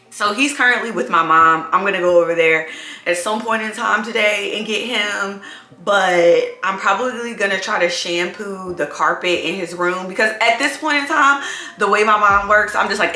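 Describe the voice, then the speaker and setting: A woman talks to her camera in a loose, rambling vlog, circling back with "like" as she tells her story. Her voice is bright and sharp, sitting in the middle of the range. The room around her is echoey, with faint music underneath. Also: mid-range voice, normal speed. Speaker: vlogger, single mom. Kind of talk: casual vlog chat.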